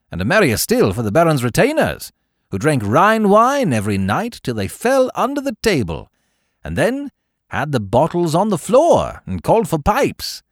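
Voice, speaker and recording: A man narrates a classic tale in a theatrical storytelling manner. His pitch rises and falls dramatically from phrase to phrase. The recording is close and dry. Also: no echo. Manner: theatrical, highly animated storytelling. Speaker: podcast host and reader.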